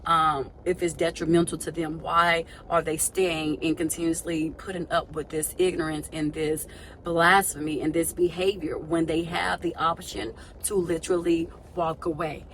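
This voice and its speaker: A woman's voice: low voice, level tone, normal speed, fairly bright tone, a little hiss or hum, poor audio. A woman speaking candidly in a personal vlog, searching aloud and repeating her questions as she reflects. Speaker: vlogger.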